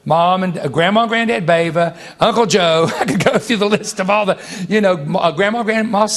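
A man preaching a sermon to his congregation, animated, breaking into high exclamations and laughing as he talks to the crowd. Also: normal speed.

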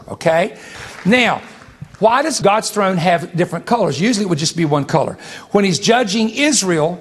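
Animated preacher man, high voice. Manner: animated, jumps to high exclamations and laughs, addresses congregation. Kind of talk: sermon.

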